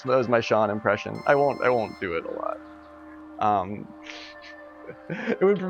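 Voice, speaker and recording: A man's voice: medium pitch, lo-fi sound. A man streaming a game, chatting casually with his viewers in giggly, rambling asides. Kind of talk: casual live-stream chat.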